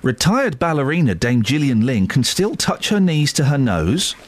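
A man's voice: mid-range voice, normal speed. A middle-aged man hosting a radio show in casual, jokey chat. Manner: jokey, lively, mock-outraged. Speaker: radio host.

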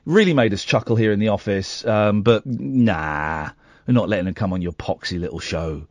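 A man's voice: lowish voice, moderate pace, no echo. A man hosting late-night radio, chatting and reading out a news story with asides and self-corrections. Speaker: radio host. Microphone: studio microphone.

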